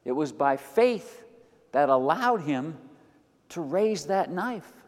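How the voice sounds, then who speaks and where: An older man preaching a sermon as pastor, animated, moving between quiet asides and loud emphatic lines. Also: on the high side, takes it slowly. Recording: long hall reverb.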